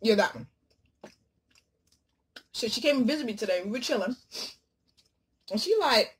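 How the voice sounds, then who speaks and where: Woman vlogger, casual eating chat, dramatic and playful, bouncy pitch. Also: big pitch swings, normal speed, long pauses, a little hiss or hum. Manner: playful, dramatic swings from loud exclamations to murmurs. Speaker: mukbang vlogger.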